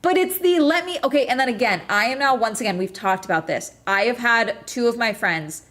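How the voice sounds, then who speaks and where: Woman streamer, fairly high voice, swearing and exasperated, casual rant. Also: fairly quick, pushed and bright. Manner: profane, emphatic, exasperated. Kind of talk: casual ranting chat.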